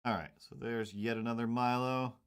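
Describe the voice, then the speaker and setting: A man's voice: medium pitch, fairly even intonation, moderate pace, clean tone. A man casually thinking aloud as he draws cartoons, rambling with lots of fillers. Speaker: cartoonist drawing on stream. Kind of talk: casual running commentary while drawing.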